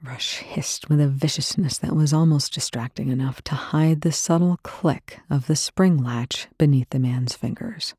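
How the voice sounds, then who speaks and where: A narrator reading a tense story aloud in a steady, dry storytelling manner. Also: medium pitch, measured pace, hardly any pauses, husky, no echo. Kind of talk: scripted narration.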